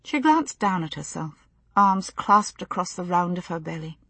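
A woman narrating a novel as an audiobook, in a measured storytelling manner. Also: on the low side, expressive, bright, forceful tone, husky, no echo. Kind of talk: scripted narration.

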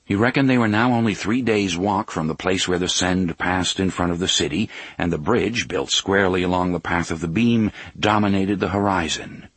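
Deep husky male audiobook narrator. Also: moderate pace, hardly any pauses, dry recording. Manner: steady, even reading. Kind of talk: scripted narration.

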